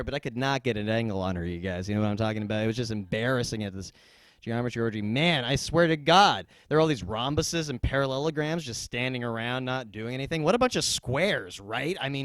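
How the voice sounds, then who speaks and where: A young man performing a stand-up comedy set, dropping into deadpan asides and bursting into loud yells. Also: mid-range voice, dry recording.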